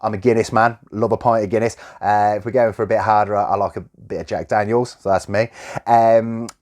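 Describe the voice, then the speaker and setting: Chatty Coventry man, lowish voice. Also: fairly even intonation, a little fast, a little mellow. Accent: Coventry, English Midlands. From Coventry, English Midlands. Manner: chatty, self-deprecating, frequent ums and restarts. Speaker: YouTube channel host. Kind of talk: casual chat answering viewer questions.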